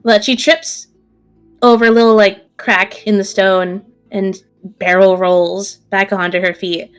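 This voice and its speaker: A woman's voice: mid-range voice, unhurried, clean tone, dull audio. Woman running a tabletop game, chatty storytelling, music faintly in the back. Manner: lively, casual narration with fillers. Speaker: game master.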